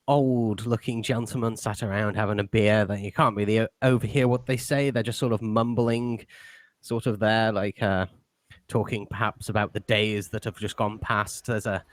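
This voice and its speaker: A man's voice: mid-range voice, fairly bright tone, no room sound. A man narrating a tabletop game as game master, rambling and hesitant.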